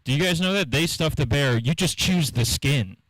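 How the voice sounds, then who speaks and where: A man's voice: a little high, expressive, normal speed, fairly bright tone, no echo, poor audio. A man from Norfolk, Virginia doing a stand-up set in a small live room, loose and conversational with trailing fillers. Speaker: stand-up comedian. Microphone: handheld stage mic.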